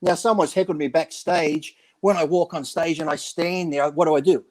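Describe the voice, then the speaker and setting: A man who used to be a bodybuilder chats casually on a podcast, spinning loose backstage tales full of profanity and impressions of others. He speaks at a moderate pace in a slightly high, steady, somewhat mellow voice.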